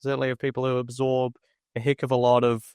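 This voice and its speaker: A man's voice: medium pitch, completely flat delivery, fast talker, a little mellow, smooth, no echo, studio quality. A man hosting a podcast, musing reflectively in a conversational way. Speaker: podcast host. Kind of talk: conversational interview.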